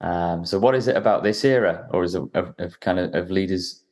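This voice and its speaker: A man's voice: sits low, brisk, darkish tone. A man from Newcastle, England, hosting a podcast in a casual conversation, rambling along with many restarts and fillers. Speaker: podcast host.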